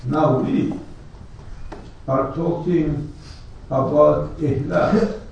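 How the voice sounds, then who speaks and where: Slow echoey preacher, rhetorical questions. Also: male voice, on the high side, fairly even intonation, gravelly, darkish tone, slight background noise. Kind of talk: sermon. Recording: echoey hall, distant lo-fi mic.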